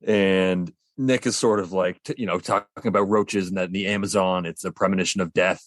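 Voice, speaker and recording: A man with a somewhat low voice co-hosts a podcast in casual chat. He rambles and hesitates, often restarting his phrases. The recording is dry. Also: steady tone, a little fast, no echo. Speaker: podcast co-host.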